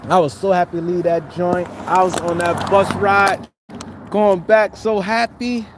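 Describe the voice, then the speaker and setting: A man's voice: high voice, steady tone, measured pace, background noise. A man telling a story in a rambling, casual way, full of street slang and restarts. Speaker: guest telling his life story.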